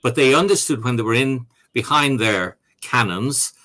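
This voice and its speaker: A man's voice: medium pitch, expressive, moderate pace, bright, forceful tone. A man, an author and academic, answering questions on a video call in a hesitant conversational way with many fillers and restarts. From Ireland.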